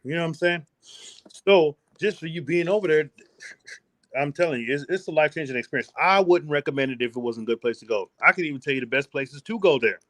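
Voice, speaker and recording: A man from the United States, a podcast guest and travel vlogger, talking in a casual interview with boastful, animated, slangy storytelling. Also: a little high, fast talker, no echo.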